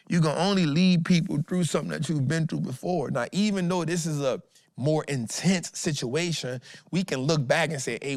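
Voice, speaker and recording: A man hosting a stock trading talk, animated and preachy, swinging between loud and soft as he acts out quotes. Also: on the high side, gravelly, dry recording, clean studio sound. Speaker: host.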